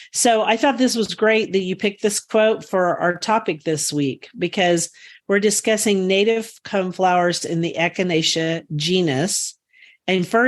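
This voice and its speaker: A woman co-hosting a gardening podcast, telling rambling, enthusiastic stories about her garden. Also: fairly low pitch. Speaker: podcast co-host. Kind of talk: casual chat.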